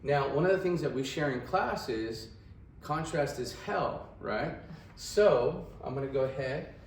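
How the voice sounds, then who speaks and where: A man's voice: mid-range voice, animated, moderate pace, echoey room, far from the mic, a little hiss or hum, rough recording. A man teaching radiography in a casual lecture style, often checking in with "right?". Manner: chatty, asks "right?" often. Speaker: radiography instructor.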